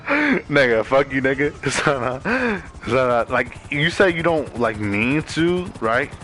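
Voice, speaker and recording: A man's voice: fairly low pitch, fairly bright tone, a little hiss or hum, rough recording. A young man from Maryland, a gamer on voice chat, rambling and venting in a casual, profane way full of "like" fillers, talking from his bedroom over a headset. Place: bedroom at home.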